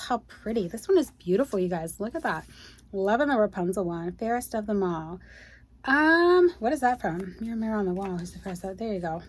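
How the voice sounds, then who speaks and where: A woman's voice: medium pitch, husky. A woman, unboxing at home and gushing to her viewers in casual chat. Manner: gushing, exclaims often, addresses viewers as you guys. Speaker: unboxing video host. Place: home room.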